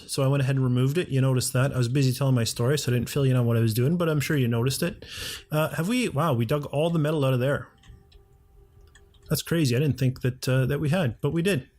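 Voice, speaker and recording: A man's voice: mid-range voice, quick pace, a little mellow. Chatty man telling a story over gameplay. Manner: chatty, exasperated, many fillers and quoted dialogue. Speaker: gaming video host.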